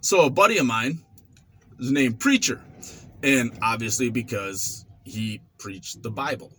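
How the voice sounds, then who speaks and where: A man's voice: mid-range voice, unhurried, a little hiss or hum. A man in his forties casually telling a story about his past, acting out voices and sound effects as he goes. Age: 40s. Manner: animated, acts out quotes and sound effects. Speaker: vlogger.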